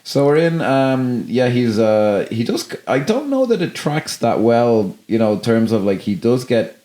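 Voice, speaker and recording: A man's voice: medium pitch, sing-song, mellow. A man co-hosting a film podcast, chatting casually in a rambling, profane way and breaking into laughs. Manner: rambling, profane, quick to laugh and act out quotes. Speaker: podcast co-host.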